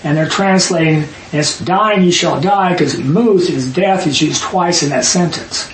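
A man leading a Bible study, reading verses aloud and arguing his points emphatically with quick asides. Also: a little high. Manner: emphatic, rapid asides, reads scripture aloud. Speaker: Bible teacher. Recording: echoey room, distant mic, faint hiss.

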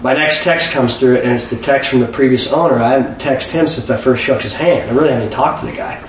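A man telling a personal faith story in an animated way, often restarting his sentences. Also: mid-range voice, quick pace, slight background noise. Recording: echoey room, mic at a distance.

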